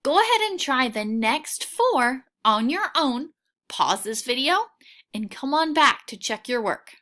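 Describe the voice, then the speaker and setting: A woman teaching a recorded phonics lesson for children, patient and encouraging, sounding out each word clearly. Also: high voice, sing-song, fairly bright tone. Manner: slow, clearly sounding out words.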